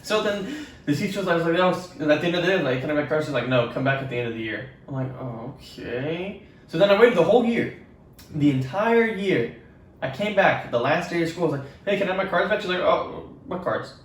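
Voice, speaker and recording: A man's voice: high voice, quick pace. A young man telling rambling, profane stories in a casual podcast chat. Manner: rambling, profane, animated retelling. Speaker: podcast co-host. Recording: echoey room from far off.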